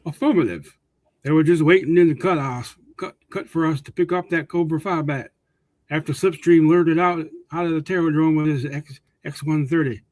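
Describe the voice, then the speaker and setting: A man's voice: on the high side, steady tone, moderate pace, a little mellow, dry recording. A man reading comic book dialogue aloud as co-host of a casual read-along, often stumbling and repeating words.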